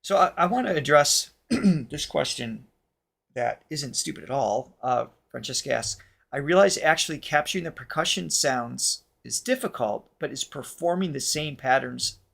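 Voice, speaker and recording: A man hosting a reaction show as a vocal coach, explaining things in a casual, animated way and laughing often. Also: mid-range voice, measured pace, gravelly.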